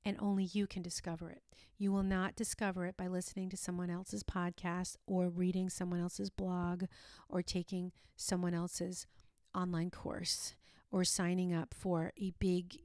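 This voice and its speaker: A woman's voice: fairly low pitch, level tone, measured pace, darkish tone, no room sound, studio quality. A woman hosting her own podcast, talking earnestly and encouragingly, with many restarts and asides. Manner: earnest and encouraging, with frequent restarts and "you know". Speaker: podcast host. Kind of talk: motivational solo podcast talk.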